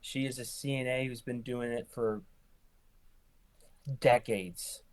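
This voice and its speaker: Young male ER nurse, animated storyteller, mid-pitch voice, casual podcast chat. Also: takes it slowly. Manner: animated, acts out quoted lines with rising pitch. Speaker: ER nurse guest.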